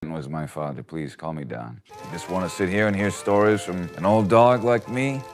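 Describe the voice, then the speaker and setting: A man's voice: deep voice, normal speed, over music, lightly acted. An actor playing a rambling old man who tells tall stories about going to the cinema. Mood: reminiscing. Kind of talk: comedy sketch acting.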